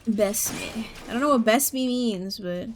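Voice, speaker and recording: A woman's voice: fairly high pitch, a little slow. A young woman streaming a game, chatting casually, giggling and reacting to chat as she plays. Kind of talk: casual gameplay commentary.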